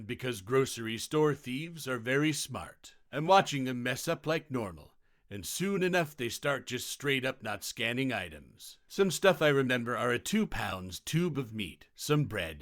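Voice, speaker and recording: A man's voice: mid-range voice, a bit bright, dry recording, studio quality. A man narrating retail stories from an online forum in a scripted reading style.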